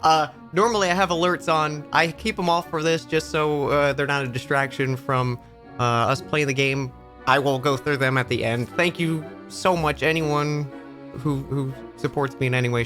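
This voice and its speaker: A man hosting a live-streamed tabletop game, giddy and talking with stammered restarts. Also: medium pitch. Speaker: game master and streamer host. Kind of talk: casual live-stream chat.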